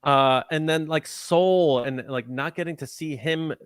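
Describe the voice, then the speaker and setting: A man's voice: a little high, unhurried, clean tone, no room sound, studio quality. A man co-hosting a podcast, talking in a casual, jokey way and acting out quoted reactions as he reviews a show. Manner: animated, jokey storytelling with quoted asides. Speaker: podcast host.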